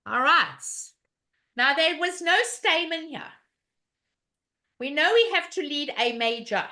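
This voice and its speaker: Casting: woman card-game teacher, high bright voice, chatty, quizzes the class as she plays the hand. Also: expressive, takes it slowly. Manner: chatty, asks the class rhetorical questions. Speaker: bridge teacher. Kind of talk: live online lesson.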